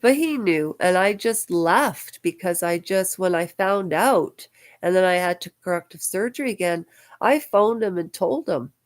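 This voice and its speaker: A woman's voice: on the low side, expressive, unhurried. A woman in her fifties, from Ukraine, rambling emotionally in a personal vlog from her houseboat. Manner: emotional, meandering, talks straight to camera. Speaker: vlogger. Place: at home on a houseboat.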